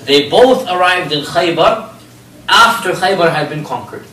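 A man's voice: high voice, expressive, unhurried, pushed and bright, slight background noise. A man teaching religious history as a story, asking rhetorical questions and using Arabic phrases. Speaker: Islamic history lecturer. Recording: roomy, distant mic, faint ambience.

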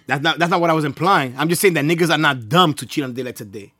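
A man co-hosting a casual podcast, talking loudly and laughing often with plenty of street slang. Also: fairly high pitch, very fast, no room sound, clean studio sound. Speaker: podcast co-host.

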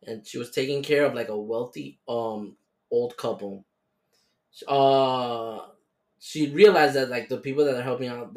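A podcast host reads out stories that listeners sent in, in a loose, casual way, with "like" scattered all through. The voice sits at a middle pitch, and a roomy echo hangs around it. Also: darkish tone. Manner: casual, loose, says like a lot.

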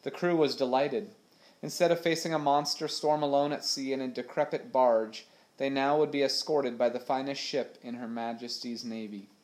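A man, a teacher, reading a chapter book aloud to young schoolchildren in a steady storytelling voice. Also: medium pitch, moderate pace, poor audio.

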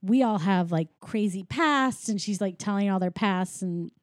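A woman's voice: medium pitch, moderate pace, no echo, studio quality. A woman recapping a film plot in casual chat, rambling with lots of fillers. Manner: rambling, filler-heavy storytelling.

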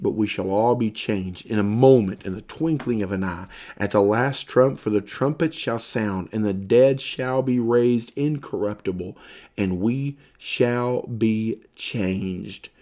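A man's voice: fairly low pitch, warm tone. A tired man giving a Bible lesson, reading scripture aloud with rising emphasis and explaining it loosely with fillers. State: tired, yawning. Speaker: Bible teacher. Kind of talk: sermon-style Bible lesson.

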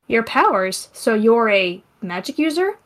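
A woman's voice: on the high side, sing-song, measured pace. Woman voicing a female unicorn, eager, curious, inquisitive.

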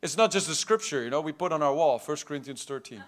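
A man preaching a charismatic sermon as pastor in a church hall, fervent, swinging between loud exhortation and quiet asides. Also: fairly high pitch, animated, fast. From South Africa.

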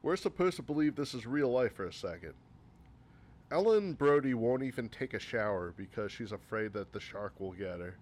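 A man's voice: mid-range voice, animated, moderate pace, a little mellow. Rambling man griping about movies. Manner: rambling, filler-heavy, exasperated. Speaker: movie reviewer. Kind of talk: casual list-style movie critique.

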